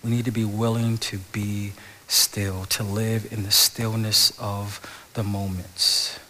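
A man's voice: lowish voice, level tone, slow, pushed and bright, slight background noise. A man preaching a conversational sermon as a pastor, often repeating his words and dropping to a whisper on key phrases. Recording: long hall reverb.

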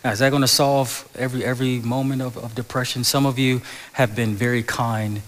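A pastor delivers a conversational sermon in a mid-range, steady voice at a fairly quick pace. He often repeats his words and drops to a whisper on key phrases, and the recording carries a long hall reverb.

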